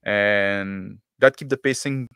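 A man's voice: on the low side, takes it slowly, vocal fry, bright, forceful tone, smooth, dry recording, clean studio sound. Man explaining, ending points with "right?". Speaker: panelist game master. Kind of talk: casual chat.

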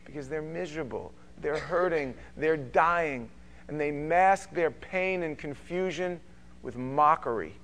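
A man preaching emphatically in a church sanctuary, his voice sitting a little higher than most men's. He swings between loud bursts and hushed, drawn-out passages as he drives his points home. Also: a little hiss or hum. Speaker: pastor. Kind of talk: sermon.

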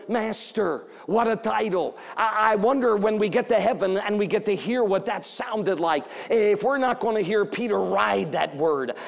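A man's voice: high-pitched, gravelly. A man preaching a revival sermon as an evangelist. He tells the story with animation, acts out the quoted voices and repeats phrases for emphasis. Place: church sanctuary. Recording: long church hall reverb.

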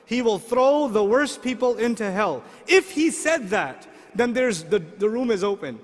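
A middle-aged man preaching a sermon, asking the audience lively rhetorical questions. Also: high voice, a little slow. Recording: long hall reverb.

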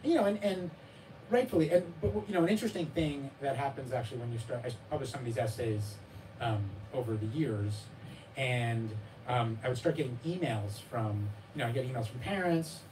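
A man with a mid-range voice talks about his memoir at a bookstore event. He rambles and undercuts himself, full of restarts and fillers, and laughs as he performs the voices of his child and readers. Recorded from a distance, the clip has room ambience and background noise.

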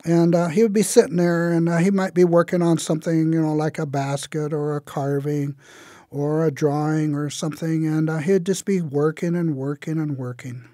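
Laid-back guy telling an old story, mellow and a touch high, dry close sound. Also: normal speed, dry recording. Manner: relaxed, conversational, many fillers. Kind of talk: oral storytelling of a traditional tale.

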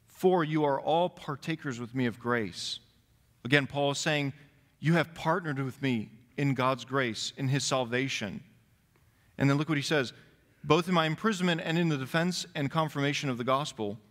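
A man's voice: mid-range voice, normal speed, fairly bright tone. A man pastor giving a sermon, reading scripture aloud and stressing key words. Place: church sanctuary. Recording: long reverb of a church hall.

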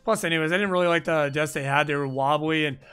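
A man hosting a live gaming stream, chatting casually in a rambling, profane way full of "like" fillers, into a boom-arm microphone at his home desk. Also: quick pace, fairly bright tone, smooth, soft background music. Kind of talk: casual chat while gaming.

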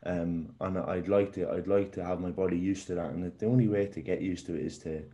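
Casting: young male footballer guest, deep, mellow, halting delivery. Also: fairly even intonation. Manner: halting, repeats words. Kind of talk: casual interview.

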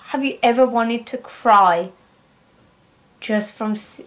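A young woman reacting on her vlog, excitable and rambling, often gasping. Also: high voice, slow. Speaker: music reaction YouTuber. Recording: faint music playing behind. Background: faint music.

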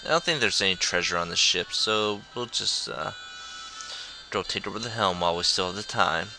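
A man's voice: low voice, moderate pace, gravelly, over music, poor audio. A man giving casual, jokey commentary on a video game, reading the dialogue aloud in goofy voices. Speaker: let's play host.

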